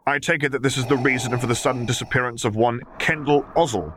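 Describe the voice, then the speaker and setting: A man doing a calm formal admiral. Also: mid-range voice, fast, a little hiss or hum, voice pushed up, natural voice. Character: poised formal male admiral, calm officer.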